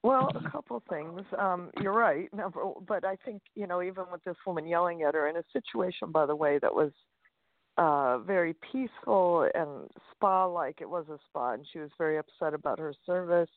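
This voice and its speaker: A woman's voice: on the low side, normal speed, no echo. Upbeat woman guest on a phone line. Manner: upbeat and chatty, with frequent fillers. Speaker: guest author and speaker. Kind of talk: interview over a phone line. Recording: dry, tinny phone line.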